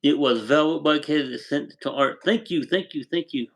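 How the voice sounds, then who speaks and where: A man's voice: fairly high pitch, normal speed, vocal fry, low-quality recording. An older man from Arizona hosting a casual livestream from his home, reading out viewers' names and telling rambling stories. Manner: rambling, warm storytelling, thanks viewers by name. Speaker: livestream host. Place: home with a wood stove.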